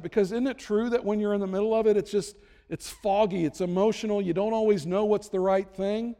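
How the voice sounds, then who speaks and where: High-voiced pastor preaching in a hall. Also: male voice, steady tone, brisk, warm tone. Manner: conversational, self-deprecating humor. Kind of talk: sermon.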